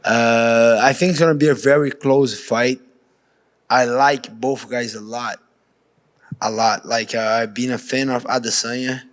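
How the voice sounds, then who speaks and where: Brazilian guy, fighter at a media day, casual and blunt, keeps restarting, mid pitch. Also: steady tone, a little slow. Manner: casual, frank, restarts often, says "bro". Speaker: professional fighter. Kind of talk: pre-fight media interview.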